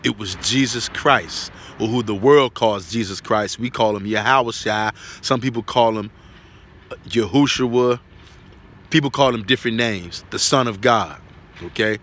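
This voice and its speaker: A man's voice: lowish voice, measured pace, fairly bright tone. A man giving an earnest spoken religious testimony, repeating himself and checking in with tag questions.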